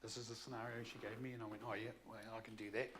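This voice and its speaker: A man's voice: fairly low pitch, flat delivery, rapid-fire, a bit bright, a little hiss or hum. A man telling a candid personal story in a blunt, swearing way. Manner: blunt, swears freely, acts out his own past outbursts. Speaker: speaker sharing his story.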